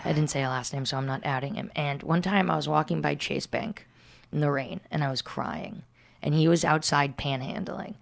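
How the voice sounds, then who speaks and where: A woman's voice: low-pitched, normal speed, vocal fry. A young woman, a comedian, telling stories in a casual chat and laughing often. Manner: storytelling, laughs often, many likes. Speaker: comedian guest.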